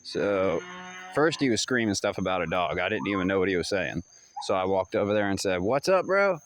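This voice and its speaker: Low-voiced man telling a rambling story. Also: fairly quick, a little hiss or hum. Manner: rambling and repetitive, loose slangy talk. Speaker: vlogger. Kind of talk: casual storytelling to camera. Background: dogs barking and distant fireworks.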